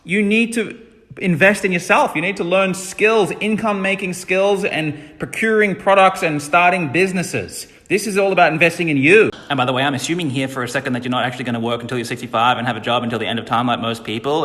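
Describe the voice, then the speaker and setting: A man's voice: on the high side, quick pace, a bit bright, long reverb tail. A man giving a casual mini money lesson for his social media stories, blunt and emphatic, swearing freely. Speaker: entrepreneur teaching money lessons.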